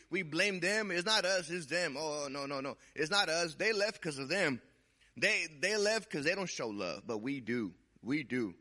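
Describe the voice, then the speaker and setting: A young man preaching a sermon and sharing a personal testimony in a conversational way, repeating words and swinging from loud to hushed. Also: fairly high pitch.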